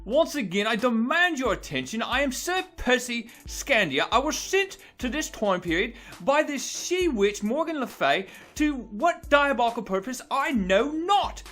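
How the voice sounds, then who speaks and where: A man voicing a furious medieval knight in an attempted British accent, shouting archaic threats. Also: very high voice, big pitch swings, a little slow, hardly any pauses, soft background music, voice pushed up, full character voice.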